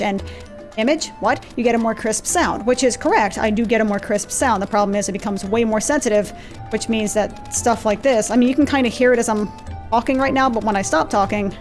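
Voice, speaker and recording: A woman's voice: a little high, brisk. Chatty woman narrating her gameplay. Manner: chatty and self-deprecating, easily sidetracked. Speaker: let's play host. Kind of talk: casual gameplay commentary. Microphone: desk mic with gain turned down in software. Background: faint game music and clicky mechanical keyboard.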